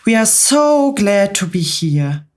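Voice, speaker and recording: A woman softly voicing a friendly young boy in a whispered role-play bedtime story. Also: mid-range voice, sing-song, voice pushed up. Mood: earnest. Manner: soft, slow, gentle. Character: boy hero, friendly and eager.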